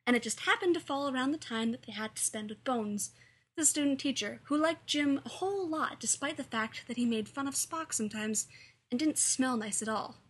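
A woman's voice: high-pitched, moderate pace, husky. A woman with a light, playful manner, narrating her own short story. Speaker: fan fiction reader and author.

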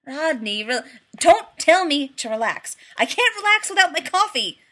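A woman voicing an exasperated, grumpy man who shouts and sounds incredulous in an audiobook reading. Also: high-pitched, big pitch swings, slow, voice pushed up, full character voice. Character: exasperated grumpy man, shrill when annoyed.

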